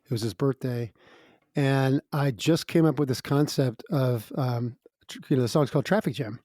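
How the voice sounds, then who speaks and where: A man's voice: medium pitch, normal speed, mellow, dry recording, studio quality. A middle-aged man, a guest musician, telling stories in a chatty way, laughing between lines. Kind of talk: casual storytelling interview.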